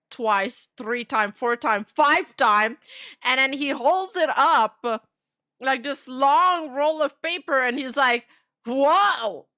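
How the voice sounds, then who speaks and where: A young woman streamer chatting casually and telling stories in an animated way. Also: on the high side, no echo, clean studio sound. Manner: animated storytelling, laughs often. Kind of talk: casual chat.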